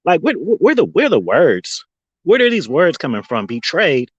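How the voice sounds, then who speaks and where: Livestream host: husky man with a lively, swooping delivery, mocking and quick to laugh. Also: fairly high pitch, no room sound, lo-fi sound. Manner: animated, mocking, laughs often between lines. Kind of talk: casual livestream rant.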